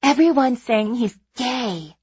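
A woman voicing a gossipy, gleeful teenage girl in an audiobook, shrill and excited. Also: takes it slowly, husky, no echo, muffled recording, exaggerated voice. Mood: gleeful gossip. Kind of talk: audiobook character voice.

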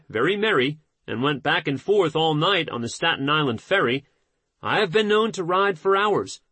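A man narrating a nonfiction audiobook in a measured, steady reading voice. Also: on the high side, husky, no room sound.

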